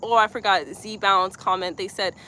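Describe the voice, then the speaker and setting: A young woman from Georgia, leading a live-streamed yoga class with soft, slow breathing cues and chatty asides. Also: medium pitch, steady tone, slight background noise. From Georgia, USA. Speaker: yoga instructor.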